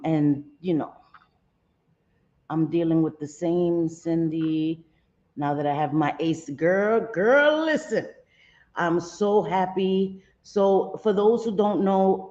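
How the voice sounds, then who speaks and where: A woman's voice: fairly low pitch, dark tone, dull audio. A middle-aged woman hosting a casual home livestream, greeting viewers by name with pet names like sweetie. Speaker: livestream host.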